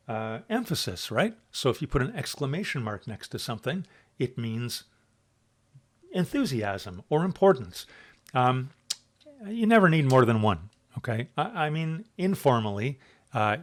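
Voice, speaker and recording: Chatty man giving a writing lecture. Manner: casual, chatty, many fillers and asides; animated, shifts loudness and pitch for emphasis. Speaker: university lecturer. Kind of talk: classroom lecture.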